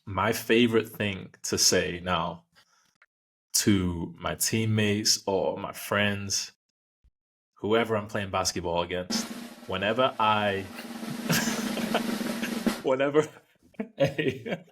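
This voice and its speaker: A man's voice: on the low side, slow pace, long pauses, a bit bright. A young man chatting casually on a podcast, playful and laughing often. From United Kingdom. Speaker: podcast co-host, basketball player.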